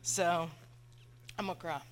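A woman's voice: lowish voice, steady tone, unhurried, slight background noise. A woman, a missionary sharing a nervous, chatty testimony in church. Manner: nervous, chatty, laughs often. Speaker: missionary speaking to the congregation. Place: church sanctuary.

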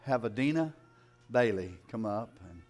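A pastor talks to his congregation in a folksy, relaxed way. His voice sits at a mid pitch and has an even, everyday tone. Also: normal speed. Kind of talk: casual church announcements. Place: church sanctuary.

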